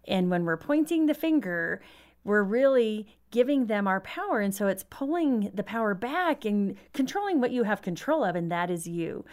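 A woman's voice: mid-range voice, big pitch swings, normal speed, darkish tone. Earnest woman marriage counselor. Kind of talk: casual talk show chat.

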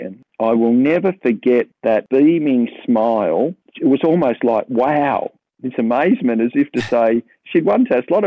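A man's voice: lowish voice, dry recording, phone-quality sound. Australian man, rambling interview reflection, phone-thin, dead-dry sound.

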